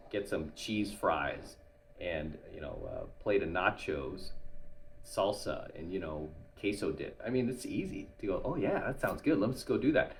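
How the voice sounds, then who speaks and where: A man's voice: low voice, slight background noise. A man hosting his channel, giving other men advice in a casual monologue and tagging nearly every point with "right?".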